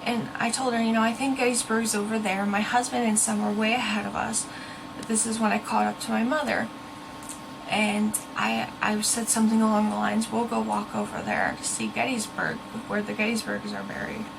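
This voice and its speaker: A woman's voice: medium pitch, normal speed, vocal fry, noisy background. A young woman talking earnestly and casually to her viewers, now and then stopping to search for a word. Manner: chatty, earnest, searches for words. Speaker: ghost-hunting vlogger. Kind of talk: casual talk to camera.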